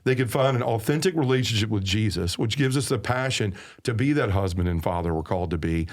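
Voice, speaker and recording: A man's voice: on the low side, animated, fast talker. Earnest preaching man, Southern accent. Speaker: guest. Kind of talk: personal testimony in a podcast conversation.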